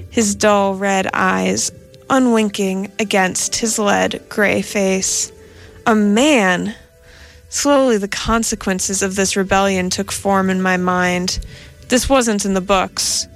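A woman reading a first-person story in a steady, measured narration. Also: mid-range voice.

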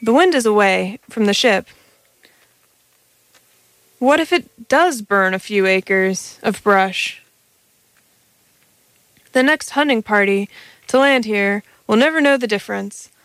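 A woman's voice: mid-range voice, animated, slow, pauses often, fairly bright tone, no echo. A woman voicing a callous male alien hunter who talks dismissively and with contempt. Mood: scornful.

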